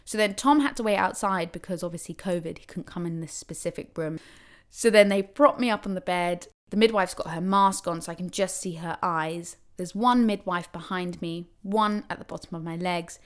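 Young woman chatting through a story, animated, does everyone's lines in big voices. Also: moderate pace, smooth. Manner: animated, acts out quotes with big pitch swings. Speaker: new mother telling her birth story. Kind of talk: casual spoken storytelling.

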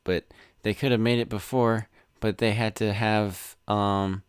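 A man's voice: on the low side, steady tone, a little slow, clear, resonant tone, dry recording, studio quality. A young man co-hosting a casual podcast chat, rambling and self-deprecating. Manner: rambling, self-deprecating, jokey quoted voices. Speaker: podcast co-host.

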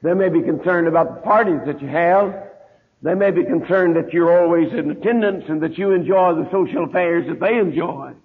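A man preaching a sermon in a church, who slows and drops into a heavy hush on his key words. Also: fairly high pitch. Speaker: pastor. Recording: tinny lo-fi archive tape.

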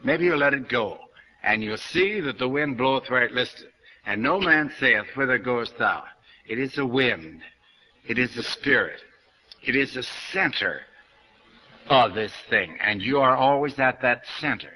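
In a low-quality archival lecture recording, a man with an expressive, sharp-toned mid-range voice talks through New Thought spirituality at a measured pace. His style is chatty and folksy, and he quotes scripture as he goes.

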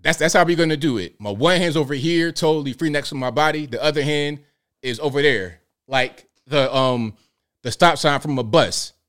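A man's voice: on the high side, normal speed. Joking man hosting a live stream. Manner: joking, animated, talks to viewers, slangy. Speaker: show host. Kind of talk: casual live-stream commentary.

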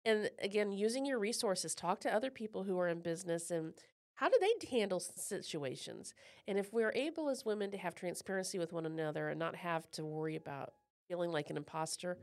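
A woman co-hosting a podcast in casual chat, animated and self-deprecating, laughing often. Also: fairly low pitch, a little fast. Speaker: podcast co-host.

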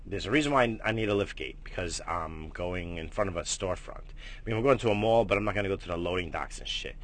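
A man hosting a casual morning vlog, rambling and swearing, jumping between loud bursts and low mutters. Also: animated, quick pace. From United States. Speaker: morning stream host.

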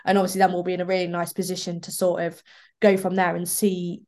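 A woman's voice: lowish voice, completely flat delivery, fast, a little mellow. A woman fitness coach in casual chat, asking questions in a friendly way.

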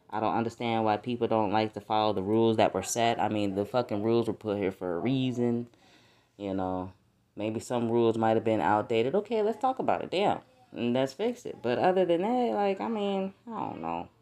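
A woman's voice: extremely low pitch, dark tone. A young woman hosting a solo podcast, chatting casually with lots of swearing and laughter. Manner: profane, laughing, rambling. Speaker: podcast host.

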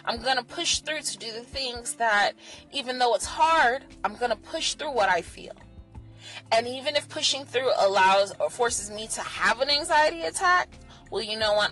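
A woman giving candid, profane encouragement about living with anxiety, moving between soft, gentle reassurance and loud, animated venting. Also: fairly high pitch. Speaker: vlogger sharing anxiety coping advice. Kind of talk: candid motivational monologue.

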